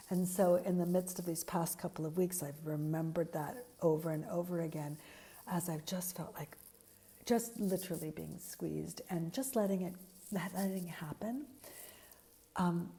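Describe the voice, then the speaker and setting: A woman's voice: medium pitch, vocal fry, warm tone. A woman giving an earnest, reflective spiritual talk, searching for words with frequent fillers and restarts. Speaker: spiritual teacher.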